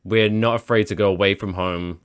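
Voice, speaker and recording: A man from England co-hosting a podcast, calmly teasing and upbeat about his football team. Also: lowish voice, fairly quick. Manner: teasing, calmly optimistic, enjoys his friend's frustration. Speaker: podcast co-host. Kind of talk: casual podcast chat.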